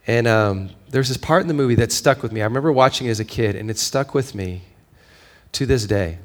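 A man preaching a sermon in a mid-range voice, talking to the congregation in a conversational way. He drops to a hushed tone for stories, then builds up to loud, emphatic points. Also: medium pitch, fairly quick. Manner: swings from quiet, intimate storytelling to raised, emphatic preaching; conversational, with fillers and frequent "right?". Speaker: pastor.

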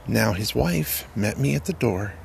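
A man telling a personal testimony in a halting, earnest way, repeating words as he goes. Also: fairly low pitch, expressive, vocal fry, a little hiss or hum. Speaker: person sharing a recovery story.

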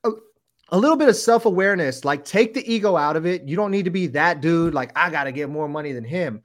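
A man's voice: a little high, expressive, fast. A middle-aged man co-hosting a casual sports podcast, ranting in a fired-up way. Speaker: podcast co-host.

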